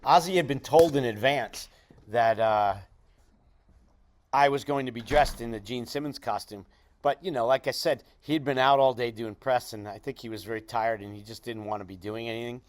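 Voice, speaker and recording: A middle-aged man, telling a lively anecdote as an interview guest and acting out the other people's lines. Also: mid-range voice, normal speed, dry recording. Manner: animated anecdote with quoted voices. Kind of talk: casual storytelling.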